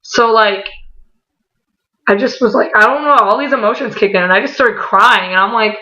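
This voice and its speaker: A woman vlogger telling a story casually, excitable and full of swearing as she acts out what people said. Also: mid-range voice, brisk. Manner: excitable, profanity-laden, quoting voices. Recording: dull lo-fi recording.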